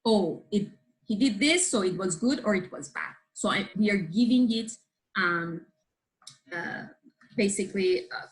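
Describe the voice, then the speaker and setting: A woman who is a guest on a show, explaining a book's ideas to a live group in a lively way and often asking her listeners questions. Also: medium pitch, poor audio. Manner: lively, checks in with listeners, asks the audience questions.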